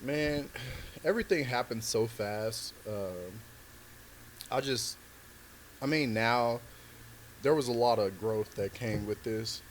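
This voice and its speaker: Slow, with long pauses, a mid-range male voice spins a story as a comedian guest in a podcast studio. His talk is loose, slangy and full of fillers, and there's a little hiss or hum.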